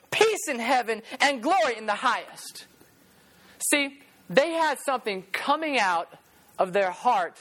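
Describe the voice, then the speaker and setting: A woman preaching a sermon to a youth group in a church, telling stories in an animated way and acting out quotes. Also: mid-range voice.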